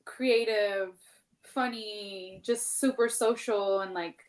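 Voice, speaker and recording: A woman's voice: mid-range voice, steady tone, takes it slowly. A woman in her thirties chats openly on a podcast. Her mid-range voice wanders through long, candid stories, filled with "like" and a casual curse or two. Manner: candid, rambling, heavy use of "like", swears freely.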